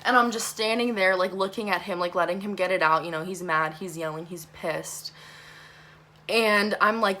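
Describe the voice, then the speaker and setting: A young woman telling a storytime vlog, talking fast and animated, swearing a lot and saying "like" often. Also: fairly low pitch, slight background noise. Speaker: vlogger.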